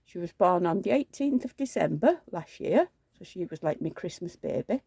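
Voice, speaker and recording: A woman's voice: fairly low pitch, expressive, moderate pace, vocal fry, warm tone, breathy edge, no echo. A woman, rambling through homely anecdotes in a chatty vlog and acting out the dialogue. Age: 70s. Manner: rambling anecdotal storytelling, acts out quoted dialogue. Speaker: reborn doll collector.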